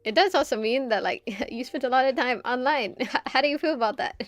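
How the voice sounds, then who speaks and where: A woman's voice: sits high, a little fast, no echo. A woman streamer chatting casually with her viewers, rambling and stumbling over repeated words, often laughing. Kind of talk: casual chat reading viewer comments.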